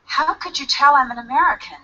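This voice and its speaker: Young woman detective, polite, matter-of-fact, bright slightly high voice, lo-fi. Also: expressive, fairly quick. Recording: dull lo-fi game audio.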